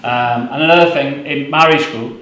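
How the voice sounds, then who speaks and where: A man reading his own poems at a book launch, in slow measured lines with loose, rambling asides between poems. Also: mid-range voice, a bit bright. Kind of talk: live poetry reading with chatty asides. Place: small venue at a book launch. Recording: very echoey room.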